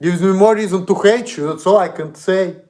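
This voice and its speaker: A man's voice: sits high, a little fast, darkish tone. A man with a Russian accent, streaming an indignant, profane, repetitive rant. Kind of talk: ranting monologue.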